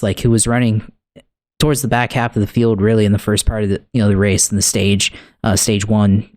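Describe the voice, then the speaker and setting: A man's voice: lowish voice, no room sound. A man co-hosting a podcast, giving a casual, rambling recap full of fillers and restarts. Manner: relaxed, conversational. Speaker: podcast co-host.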